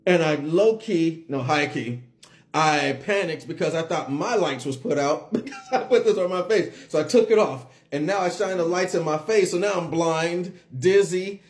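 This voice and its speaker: A man with a voice on the higher side tells a story straight to his phone camera at home. He is animated and a little breathless, and he repeats phrases and laughs as he goes. The feel is casual and unscripted. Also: moderate pace. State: drowsy and dizzy. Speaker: vlogger.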